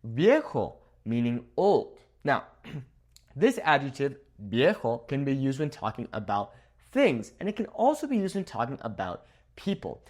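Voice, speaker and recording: This young man leads a Spanish vocabulary lesson for video, standing at a whiteboard in a room. He speaks unhurriedly in a slightly mellow mid-range voice with huge pitch swings, keeping things upbeat and playful and laughing at his own jokes.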